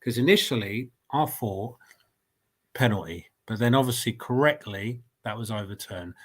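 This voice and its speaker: A man's voice: lowish voice, animated, moderate pace, noisy background. A man with a cold chats casually into a desk mic at home, hosting a live football reaction stream. He rambles and restarts his sentences often, filling the gaps with ums and uhs. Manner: rambling, chatty, with many fillers and restarts. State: has a cold. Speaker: football fan channel host. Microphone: desk mic at a laptop.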